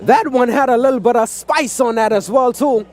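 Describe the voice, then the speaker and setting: A man from the Turks and Caicos Islands giving hyped live play-by-play commentary, often shouting and repeating "ladies and gentlemen" to the stream audience. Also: extremely high pitch, normal speed. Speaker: sports commentator. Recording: live stream with faint crowd and music behind.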